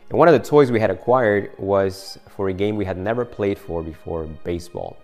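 A man's voice: low voice, lively intonation, a little fast, soft background music. A man preaching a sermon in a loose, conversational way, often restarting his phrases and chuckling at his own story.

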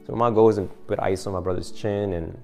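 A man's voice: on the low side, steady tone, fast talker, vocal fry, a little mellow, soft background music. A man preaching a sermon in a loose, conversational way, often restarting his phrases and chuckling at his own story.

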